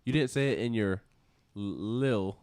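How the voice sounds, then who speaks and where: A man's voice: on the low side, measured pace, a little mellow, clear, resonant tone, dry recording. A man co-hosting a sports radio show, dry and matter-of-fact, handling the schedule and correcting others. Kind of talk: casual sports talk chat.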